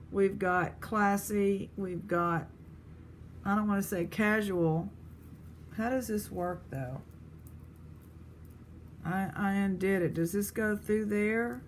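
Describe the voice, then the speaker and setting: A woman's voice: mid-range voice, slight background noise. A woman vlogger chatting casually, rambling between stories as she prices jewelry pieces. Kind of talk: casual chat.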